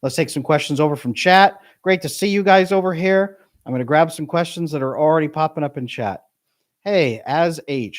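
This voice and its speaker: A middle-aged man, a relationship coach, talking to his live stream audience with emphatic, jumpy pitch on key words. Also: lively intonation, moderate pace. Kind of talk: live stream talk to chat.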